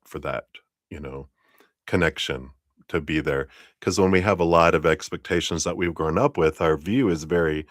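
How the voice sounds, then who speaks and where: A man with a low voice reads tarot on a livestream in a loose, chatty manner, full of fillers and quick laughs. His voice is close and dry, with no room around it. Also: dry recording. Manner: chatty, animated, laughs often, many fillers. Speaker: tarot reader. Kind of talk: live-streamed tarot reading.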